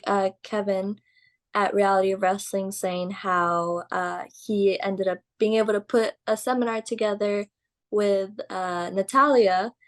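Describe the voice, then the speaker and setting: Young woman guest, animated storyteller, filler-heavy casual talk, mid-range voice. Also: medium pitch. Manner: animated, full of "like" and "um", laughs through stories. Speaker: guest, pro wrestler.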